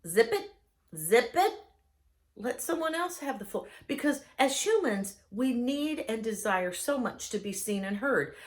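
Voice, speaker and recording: A middle-aged woman delivers a humorous advice talk in a higher than usual, very animated voice. She is chatty and pokes fun at herself, and she slips into little voices for the people she quotes. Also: a little slow. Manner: chatty, self-mocking, acts out quoted people. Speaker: speaker giving advice.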